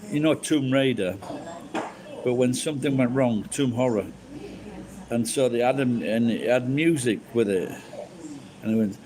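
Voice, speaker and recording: A man's voice: medium pitch, measured pace, pauses often, crowd noise, low-quality recording. A drunk man rambling and swearing through casual chat as a live streamer, full of false starts. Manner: crude, swears a lot, rambling with restarts.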